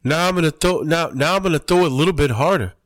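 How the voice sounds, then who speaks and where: Sex: male. Figure: a bossy, teasing martial arts trainer, as a podcast host mimics him. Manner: goading, raised, excited. Pitch: higher than his own voice, dry sound. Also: fast, no echo, lightly acted.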